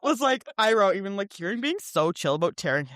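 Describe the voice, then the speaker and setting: A woman co-hosting a casual book club podcast, talking in an animated way with many fillers. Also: mid-range voice, fairly quick, dry recording, studio quality. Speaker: podcast co-host.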